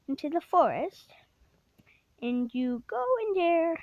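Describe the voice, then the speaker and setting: A woman's voice: high-pitched, sing-song, slow, long pauses, a little mellow, dry recording. A woman casually retelling a spooky game story, rambling with many fillers and self-corrections, sometimes dropping to a whisper. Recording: dull lo-fi dry recording.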